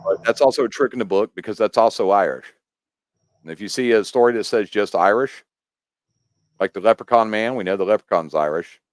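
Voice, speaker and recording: An American man guesting on a podcast chats casually, explaining things in an animated, rambling way and restarting often. His voice sits fairly low, he talks fairly quickly, and there's no echo.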